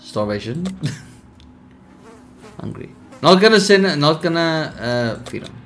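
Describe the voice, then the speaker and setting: A young man casually commenting on a survival game, reading its text aloud, laid-back and sleepy with sudden bursts of excitement. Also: on the high side, takes it slowly, soft background music. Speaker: streamer.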